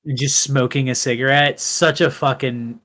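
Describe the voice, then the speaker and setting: A man's voice: medium pitch, fairly even intonation, moderate pace, fairly bright tone. A man co-hosting a film podcast, talking casually and rambling, with many fillers and restarts.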